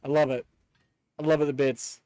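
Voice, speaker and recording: A man streaming live in casual chat, excitable, swearing often and breaking into laughter. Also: on the high side, moderate pace, clean tone, no echo.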